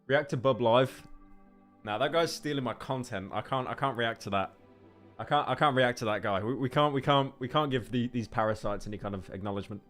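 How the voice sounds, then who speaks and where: Streaming live from his home setup with faint game music in the background, a man jokes and rambles sarcastically into a desk microphone, often stammering and repeating words. His mid-range voice is fairly bright and a little fast.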